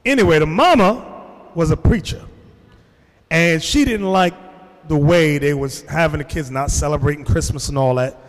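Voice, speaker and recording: New preacher guy, high lively voice, acts out the people in his stories, big echoey hall. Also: normal speed. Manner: animated storytelling, acts out voices. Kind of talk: sermon. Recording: long hall reverb.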